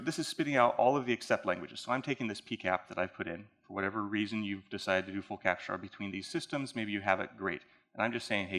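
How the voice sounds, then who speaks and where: Bright-voiced man giving a technical talk. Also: lowish voice. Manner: casual and conversational, addresses the audience directly. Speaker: conference speaker. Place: conference hall.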